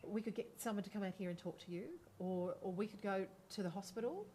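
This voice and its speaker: A woman playing a supportive friend in a role-play, speaking gently and patiently to reassure him. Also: medium pitch, steady tone, quick pace, slight background noise, natural voice. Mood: calm. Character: calm supportive friend talking someone down.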